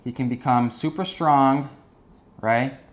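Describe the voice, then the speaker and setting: A man giving an energetic business lesson while drawing on a board, often checking in with his listeners. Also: mid-range voice, takes it slowly. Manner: energetic, keeps checking in with "right?" and "okay?". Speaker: business instructor.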